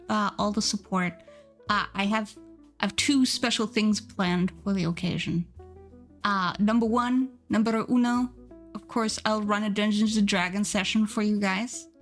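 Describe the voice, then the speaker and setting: A young adult woman draws on a live stream, chatting casually, bubbly and giggly, and thanking viewers as she goes. Her voice is a little high and a bit bright, with faint music playing underneath.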